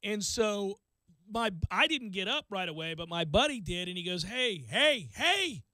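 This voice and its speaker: A male radio host telling a self-deprecating story in casual talk, acting out quotes with lively energy. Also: sits high, normal speed, clean tone, no echo.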